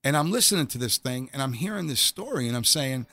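In an interview, a middle-aged man gives his personal faith testimony with earnest emphasis, often repeating the first word of a phrase. His medium-pitched voice is animated, quick, bright and forceful.

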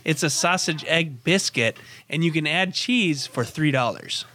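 Podcast co-host, animated pitch, rambling storyteller. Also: a little slow. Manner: rambling anecdote teller, laughs often. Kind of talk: casual storytelling chat.

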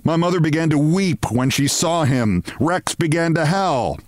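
A man hosting a podcast, reading a short story aloud in a measured, expressive way. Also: fairly high pitch, no room sound. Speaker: podcast host.

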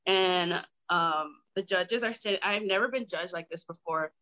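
A young woman telling a story in casual chat, animated and breathless, full of "like" and laughing asides. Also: on the low side, normal speed, muffled recording.

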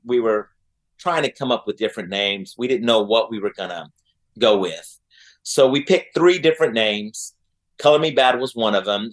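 A man with an Oklahoma accent telling stories in a casual interview, rambling with lots of fillers and acting out what people said. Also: mid-range voice. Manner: rambling, many fillers, acts out quotes. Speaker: guest singer.

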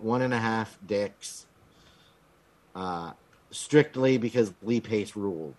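A man's voice: lowish voice, slow pace, darkish tone. A man in casual podcast chat, reviewing a film bluntly with frequent ums and swearing. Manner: hesitant, lots of ums, blunt and profane.

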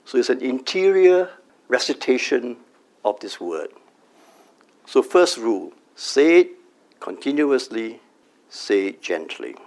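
Calm, gravelly middle-aged meditation teacher. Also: male voice, medium pitch. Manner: calm, measured teaching with slow, drawn-out mantra chanting. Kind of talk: meditation workshop talk. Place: company workshop room.

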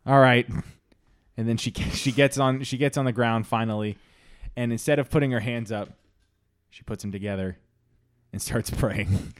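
A man's voice: medium pitch, normal speed, dry recording. A man hosting a comedy podcast in a casual, rambling way, full of fillers. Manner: rambling, filler-heavy, chuckling. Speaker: podcast host.

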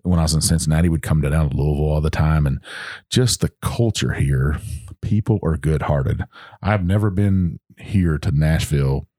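Deep-voiced middle-aged man, dry and close, sincere and sociable guest. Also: moderate pace, mellow, dry recording. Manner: earnest, sociable, plain-spoken. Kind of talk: casual podcast chat.

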